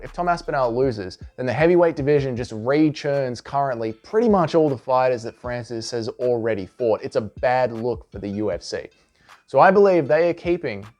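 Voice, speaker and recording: A man hosting his own channel, giving casual opinion commentary in an animated, emphatic way. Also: medium pitch. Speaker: host and commentator.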